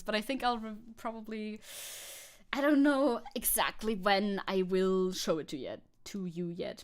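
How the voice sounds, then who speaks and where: A woman hosting a live stream, chatting casually with viewers, rambling, repeating herself and laughing often. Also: mid-range voice. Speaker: streamer host.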